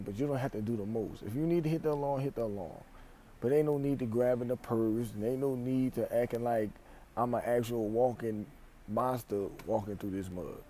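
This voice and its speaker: A young man from Louisiana with a Louisiana accent, giving an animated, emphatic slang-filled vlog monologue in a store aisle, recorded on a phone camera. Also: mid-range voice, a little hiss or hum. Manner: animated, emphatic, repeats phrases, speaks in slang. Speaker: vlogger.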